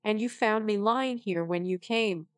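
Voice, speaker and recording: Woman reading a proud young lady, cool, formal, fretful, mid pitch. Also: unhurried, no room sound, clean studio sound, natural voice. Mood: impatient. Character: proud, impatient young lady stranded on a ledge.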